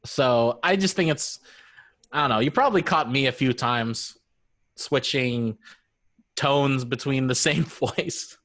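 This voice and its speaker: A man's voice: medium pitch, takes it slowly, a bit bright. A man hosting a casual podcast as dungeon master, joking and self-deprecating.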